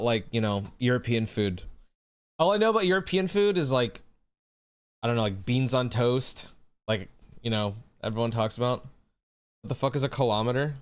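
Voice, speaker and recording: A man streaming live who chats casually with his audience in a laid-back way, swearing often and calling people bro. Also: mid-range voice.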